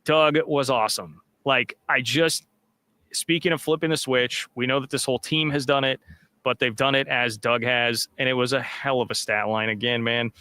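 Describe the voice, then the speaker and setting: A man hosting a casual sports talk show, his voice bright and forceful at an ordinary pitch. He chats in an upbeat way with lots of "like" and "man" fillers, recorded dry and close with no room sound. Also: fairly even intonation, normal speed, clean tone, no room sound. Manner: upbeat, filler-heavy, reads sponsor plug. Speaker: sports podcast host.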